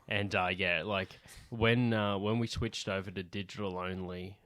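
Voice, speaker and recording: A man with a fairly low voice hosts a comedy podcast in easy, rambling chat. He restarts and corrects himself often, and his level dips as he drifts away from the mic. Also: fairly even intonation, normal speed, a bit bright. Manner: rambling, filler-heavy, self-correcting. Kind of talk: casual chat. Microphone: moves on and off the mic.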